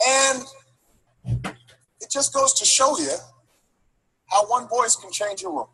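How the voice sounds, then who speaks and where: A man giving a storytelling speech, building rhythm with repeated phrases and halting restarts. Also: very high voice, gravelly, sharp tone, a little hiss or hum, low-quality recording. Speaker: political speaker.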